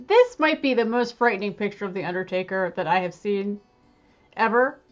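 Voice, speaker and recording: A woman's voice: medium pitch, animated, normal speed, dull audio. A woman hosting a casual music reaction video, chatty and self-deprecating, laughing easily as she talks.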